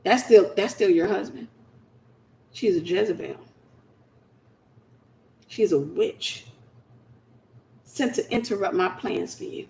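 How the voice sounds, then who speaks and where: A woman voicing a deceiving spirit that speaks in a hushed, insistent way. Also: mid-range voice, animated, takes it slowly, creaky, long pauses, slight background noise. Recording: roomy echo.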